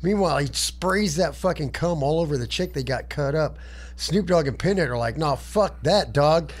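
A man's voice: a little high, normal speed. A man co-hosting a podcast, telling crude jokes and stories in a profane way. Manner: profane, joking. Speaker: podcast co-host. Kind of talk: crude comedic storytelling.

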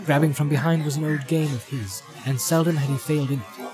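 A man reading a fantasy story aloud in a measured, dramatic narration style. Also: fairly high pitch, fairly even intonation. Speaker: audiobook narrator. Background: music.

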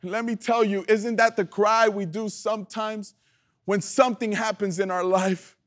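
A male youth pastor preaches with fervent call-and-response energy. His voice is unusually high for a man and swings between loud emphasis and quiet, hushed lows. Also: fairly even intonation, normal speed. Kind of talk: sermon.

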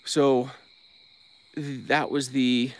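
Very slow and flat, this mid-range male voice belongs to a search-and-recovery diver from Bend, Oregon. He's giving a casual nighttime live-stream update outdoors, rambling with restarts and naming donors to thank them.

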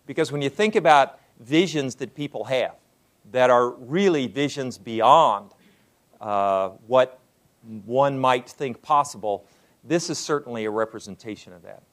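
A man, older, giving a lecture to an audience as a university president, unhurried and full of "uh" fillers. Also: medium pitch, animated, fairly bright tone.

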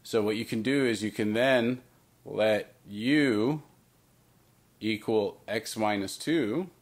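Male math teacher, fairly low voice, works through problems aloud with light playful asides. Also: slow pace. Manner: talks through steps with himself, playful asides. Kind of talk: recorded math lesson walkthrough.

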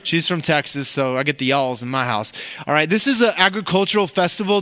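A man preaching a conversational, animated sermon as pastor of a church, with frequent asides to the congregation. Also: on the high side, brisk.

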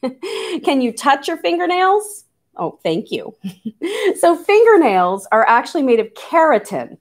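A woman who teaches nature to children, speaking in an animated, sing-song, coaxing way as she shows live animals. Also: high-pitched, a little slow. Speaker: nature educator.

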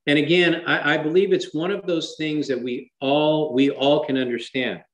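A man with a rather high voice leads a Bible study, talking in an animated, conversational way. He keeps throwing rhetorical questions at his listeners, and the room around him sounds echoey. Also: normal speed. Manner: animated, with dramatic shifts in emphasis. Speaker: Bible teacher.

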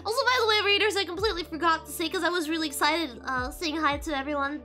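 A young woman streaming casually to her viewers, bubbly and giggly, often breaking into high squeals. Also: quick pace, few pauses, bright, forceful tone, soft background music. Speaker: VTuber streamer.

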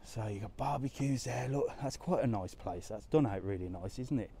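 A man's voice: lowish voice, normal speed, gravelly, mellow, a little hiss or hum. A man live-streaming a walking tour of a resort town, chatting casually and answering comments as he goes. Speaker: travel vlogger on a live walk. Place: outdoors in a resort town streets and squares.

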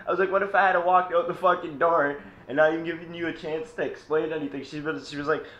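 A man's voice: a little high, fast, highs cut off, faint music behind. A young man casually telling a story to his camera, swearing and laughing as he goes. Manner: laughing, cursing, animated retelling. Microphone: camera mic. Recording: echoey room with faint hiss.

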